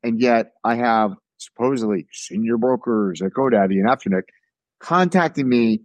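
A man speaking as a guest in a casual panel discussion, halting and exasperated with many restarts. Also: medium pitch, dry recording, dull audio.

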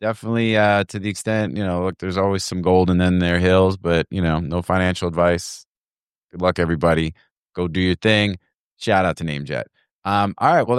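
A man hosting a casual podcast chat, loose and rambling, with a relaxed way of talking. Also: low voice, smooth, no echo, clean studio sound. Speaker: podcast host.

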